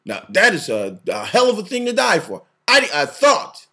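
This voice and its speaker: A man's voice: high-pitched, huge pitch swings, moderate pace, bright, forceful tone. A man co-hosting a casual chat, talking animatedly, repeating words, acting out quotes and laughing often. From family from the Southern US. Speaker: podcast co-host.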